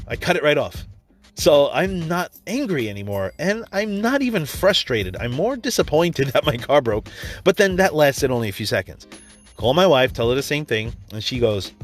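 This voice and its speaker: A man's voice: mid-range voice, expressive, normal speed, faint music behind. A man giving a blunt, profane, emphatic motivational monologue in a conversational way. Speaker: motivational speaker.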